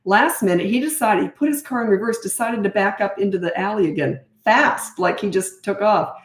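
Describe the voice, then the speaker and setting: Chatty woman parenting coach, roomy echo. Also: medium pitch. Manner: chatty and animated, quick asides, reads questions aloud. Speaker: parenting coach answering viewer questions. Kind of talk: casual Q&A talk.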